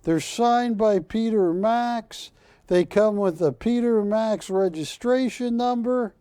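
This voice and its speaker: Slow, persuasive TV shopping host man. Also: high voice, warm tone, clean tone, no room sound. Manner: persuasive, repeats words for emphasis. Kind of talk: live TV sales pitch. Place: TV studio.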